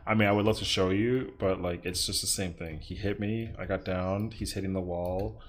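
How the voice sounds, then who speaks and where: A man's voice: low voice, steady tone, normal speed. A young man casually commentating his own gameplay on a livestream, swearing in frustration and chatting with viewers. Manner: frustrated, swearing, talking to chat. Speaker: streamer.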